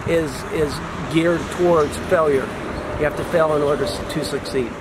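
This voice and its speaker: A man in a casual outdoor chat speaking earnestly, in halting phrases with frequent restarts. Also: on the high side, steady tone, heavy background noise. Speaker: guest, healthcare business owner. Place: outdoors by a road.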